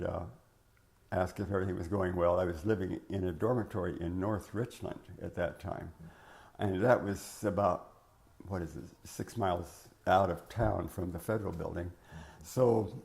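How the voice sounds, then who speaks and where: Older man, oral history interviewee: low, gravelly, reminiscing, lots of "uh" and restarts, voice cracking at times. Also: darkish tone. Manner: rambling, reminiscing, many fillers and restarts. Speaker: interviewee recalling his working life.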